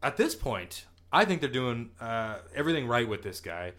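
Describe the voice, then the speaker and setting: A man's voice: mid-range voice, very animated, moderate pace, fairly bright tone. A man hosting a casual wrestling radio show, leading the segments and asking his co-host questions. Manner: leads the segments and asks questions. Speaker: host and technical producer.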